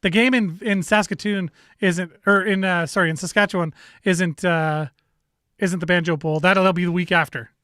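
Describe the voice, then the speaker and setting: A man's voice: high voice, fairly even intonation, normal speed, bright, forceful tone, dry recording, clean studio sound. A man hosting a casual sports talk show, rambling and self-correcting with easy laughs. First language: bilingual in French.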